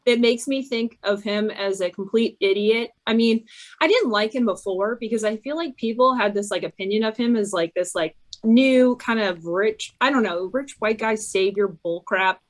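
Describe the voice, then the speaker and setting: A woman's voice: medium pitch, moderate pace, poor audio. Blunt, scornful woman podcast co-host. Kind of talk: casual political chat.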